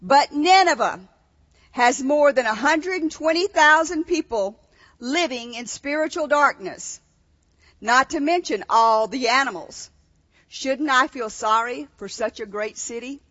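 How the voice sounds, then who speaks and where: A woman's voice: sits high, animated, a little slow, fairly bright tone. A woman preacher reading scripture aloud and then questioning her listeners in a sermon. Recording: dull echoey hall.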